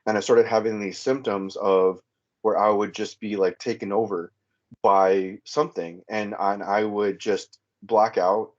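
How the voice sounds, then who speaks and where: Man, middle-aged, hesitant halting speech, lowish voice, muffled lo-fi audio. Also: little pitch movement. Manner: hesitant, halting, many restarts and fillers. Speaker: returning caller. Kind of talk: personal testimony in a podcast conversation. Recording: muffled lo-fi sound.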